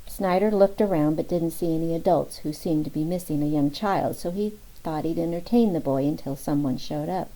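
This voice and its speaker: A woman reading a novel aloud in steady, even audiobook narration. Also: low-pitched, fairly quick, hardly any pauses, rough recording. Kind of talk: scripted narration.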